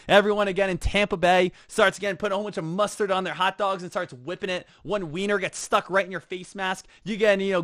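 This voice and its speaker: A man with a high, bright-sitting voice runs an energetic trading lesson, peppering it with "right?" and "again". The sound is dry and close. He slips into quick put-on voices for imagined students. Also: dry recording. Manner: rhetorical "right?" and repeated "again". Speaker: trading instructor. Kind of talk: energetic teaching talk.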